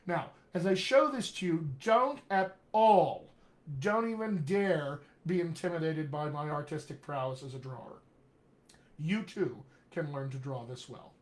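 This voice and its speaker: A middle-aged man, a dialect coach, giving an energetic, jokey live-streamed lesson, often checking in with "all right?". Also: a little high, unhurried. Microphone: webcam or computer mic on a live video stream.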